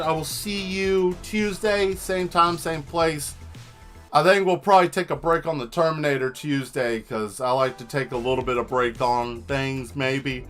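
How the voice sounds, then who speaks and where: Male streamer, slightly high and sharp-toned, loose rambling jokey chat with the viewers, faint music in the background. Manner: rambling, joking, answers the chat. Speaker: livestream host and painter. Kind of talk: casual livestream chat with viewers.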